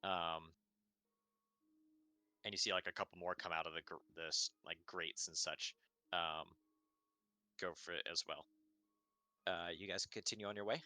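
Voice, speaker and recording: A man's voice: low-pitched, fairly even intonation, normal speed, pauses often, sharp tone, dry recording. Hesitant man narrating a tabletop game. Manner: hesitant, many fillers. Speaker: dungeon master.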